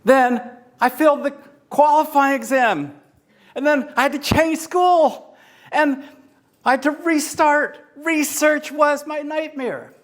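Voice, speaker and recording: A man voicing a frustrated female graduate student venting about her failures in an exasperated tone. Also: takes it slowly. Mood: despairing. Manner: exasperated, high-pitched.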